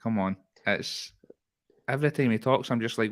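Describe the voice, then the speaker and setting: A man with a Scottish accent co-hosting a casual football podcast, talking in a lively, rambling way with frequent laughs and restarts. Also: medium pitch, moderate pace. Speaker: podcast co-host.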